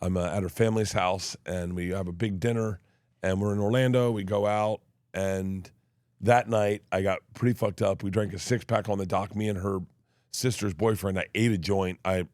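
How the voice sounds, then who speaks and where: A man tells outrageous personal stories with comic timing. He jumps into loud, laughing impressions of the people in each story. The recording is dry and close. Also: low voice, steady tone, normal speed, no echo. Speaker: guest storyteller.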